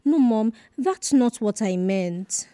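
A young adult woman playing a calm daughter who gently consoles her mother in a film drama. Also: a little high, clean tone. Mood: consoling. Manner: gentle, soothing, slow. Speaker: grown daughter.

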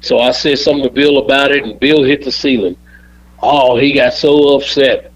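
A man's voice: mid-range voice, steady tone, moderate pace, a little hiss or hum. An older man, a podcast guest, telling long stories in a rambling way, repeating words as he goes. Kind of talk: podcast storytelling. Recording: dull lo-fi audio.

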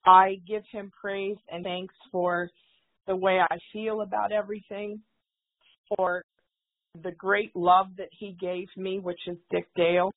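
A woman's voice: mid-range voice, flat delivery, measured pace. A woman being interviewed as a guest, speaking in a heartfelt, devout way. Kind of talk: casual interview talk. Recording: phone-like call audio.

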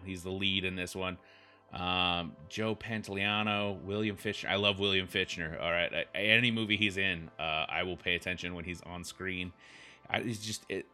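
A man's voice: fairly low pitch, pushed and bright. A man hosting a podcast, rambling through wry, self-deprecating comedic commentary.

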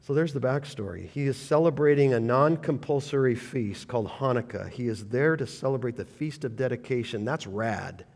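A man preaching a sermon as pastor, reading scripture and swinging between loud bursts and quiet intensity. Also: medium pitch, animated, moderate pace, gravelly, hardly any pauses, in a large hall. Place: church sanctuary.

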